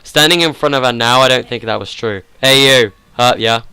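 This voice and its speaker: A man giving chatty, joking commentary over a game, reading its lines aloud as he goes. His voice is bright and forward, with a smooth, crisp tone. The sound is close and dry, with no room around it. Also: medium pitch, moderate pace, no room sound. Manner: joking and chatty, laughing often. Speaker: let's play host.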